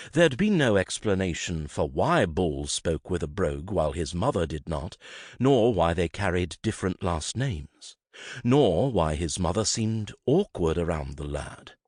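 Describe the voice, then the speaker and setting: A man reading a romance novel aloud as audiobook narrator, expressive and shifting into character voices. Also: deep voice, slightly rough, dry recording, studio quality.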